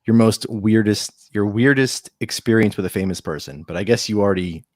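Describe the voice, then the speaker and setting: A man posing a question in casual podcast chat, halting and hesitant. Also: fairly low pitch, no room sound, studio quality. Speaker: podcast co-host.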